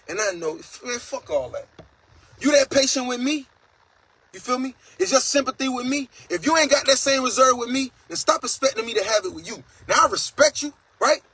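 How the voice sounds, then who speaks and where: A man's voice: sits high, sharp tone, a little hiss or hum, poor audio. A man hosting a casual livestream monologue, talking in a blunt, profane and preachy way, reading out viewer comments. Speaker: host.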